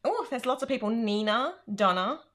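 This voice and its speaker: A woman's voice: on the high side, animated, moderate pace, fairly bright tone. An Australian woman hosting a casual livestream from home, chatty and laughing often as she greets viewers by name. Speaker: livestream host. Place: home room.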